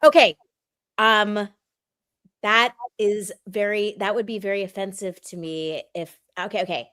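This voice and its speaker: A woman's voice: mid-range voice, fairly even intonation, unhurried, fairly bright tone, dry recording. A woman co-hosting a casual chat, throwing in quizzical, teasing asides. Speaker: co-host.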